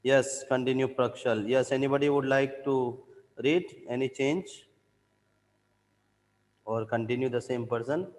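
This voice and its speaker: Guy teaching online, middle pitch, goes over stuff again and again, long reverb on him. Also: a little mellow. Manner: scolding, then explaining slowly and repeating points. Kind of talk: online class explaining a story. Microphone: online live class.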